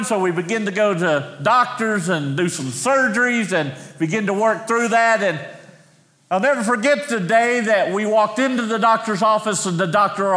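High-voiced male preacher in echoey church. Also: fairly bright tone. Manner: storytelling, slows for emphasis. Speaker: pastor. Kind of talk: sermon. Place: church sanctuary.

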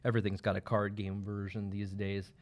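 A man's voice: fairly low pitch, level tone, a little fast. A man co-hosting a game store livestream in casual chat, laid-back and joking, with plenty of fillers.

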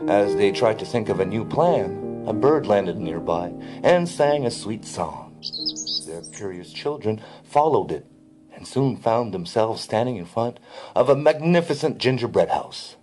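Guy narrating a fairy tale, lively voice, soft guitar music under it. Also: lowish voice, unhurried. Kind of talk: scripted storybook narration.

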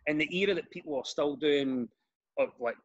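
A man's voice: on the high side, normal speed, lo-fi sound. Glaswegian man telling stand-up stories. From Glasgow, Scotland. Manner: animated storyteller with frequent restarts. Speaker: guest comedian and radio presenter. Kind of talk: casual podcast chat.

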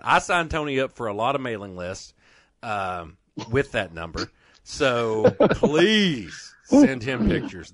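A man's voice: fairly low pitch, a bit bright, no echo, clean studio sound. A man hosting a fishing podcast, chatting casually and joking, with lots of fillers, and reading sponsor plugs. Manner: joking, rambling, many "uh" fillers. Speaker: podcast host. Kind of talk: casual podcast chat with ad reads.

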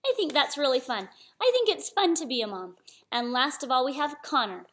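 A woman reading a picture book aloud to young children, her voice high and very lively. She keeps a sing-song storytime manner and stops to ask the kids questions. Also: brisk. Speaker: storyteller, channel host.

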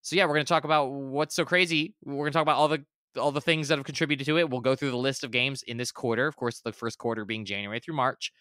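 A man with a bright, forward voice co-hosts a podcast in loose, rambling chat. He backtracks and corrects himself often but stays eager. The sound is close and dry. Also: medium pitch, fairly even intonation, fast talker, smooth, dry recording. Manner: rambling, self-correcting, enthusiastic. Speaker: podcast co-host. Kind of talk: casual chat.

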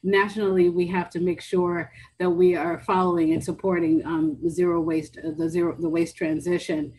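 Fast-talking woman at a policy briefing. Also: fairly low pitch, little pitch movement, mellow, rough recording. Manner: fast, with many restarts and fillers. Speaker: briefing speaker.

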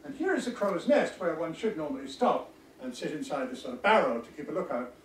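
A man giving a history lecture with slides, halting often with ums and restarts. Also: on the high side, lively intonation, a little hiss or hum. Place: lecture room. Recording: echoey room, voice from far off.

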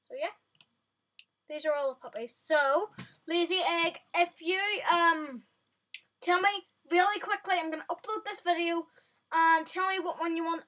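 Bright, high woman chatting excitedly through a game to her viewers. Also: normal speed. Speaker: vlogger. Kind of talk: casual gameplay commentary.

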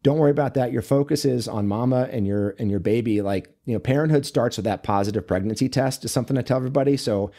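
A man, a men's coach and author, talking as a podcast guest in a relaxed, chatty way, full of fillers and storytelling. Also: medium pitch, fast, hardly any pauses. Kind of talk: casual interview conversation.

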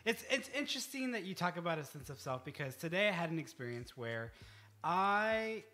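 Very bright, animated man guest. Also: on the high side, normal speed. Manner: animated, repeats and restarts words. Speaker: psychic medium guest. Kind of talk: casual chat.

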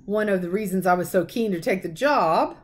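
A woman voicing a huge, gruff but kindly male half-giant gamekeeper with rough folksy speech, read aloud from a storybook. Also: high voice, a little fast, close to an everyday voice. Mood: rueful.

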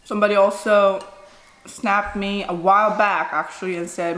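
Eating on camera, a woman in her thirties chats away and hands out blunt advice, often dropping "you know." Her voice is medium-pitched and a bit bright, with fairly even intonation and a normal speed. The room is echoey with faint noise.

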